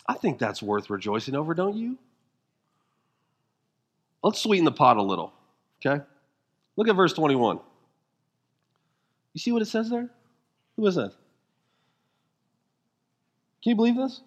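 A man preaching a sermon as pastor, emphatic and full of rhetorical questions, moving between quiet intensity and rising fervor. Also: on the high side, sing-song, normal speed, long pauses.

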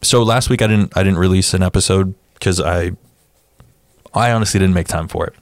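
A man's voice: sits low, fairly quick, dry recording. A man hosting a casual podcast, laid-back and self-mocking, sometimes acting out quoted lines. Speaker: podcast host. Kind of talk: casual chat.

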